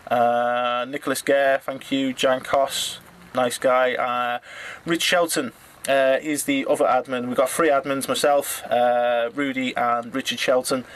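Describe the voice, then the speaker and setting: Middle-aged guy from england, monotone, lots of uhs and ums, trips over names thanking viewers. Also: medium pitch. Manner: halting, many fillers, stumbles over names. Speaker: drone hobbyist vlogger. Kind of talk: casual thank-you message to viewers.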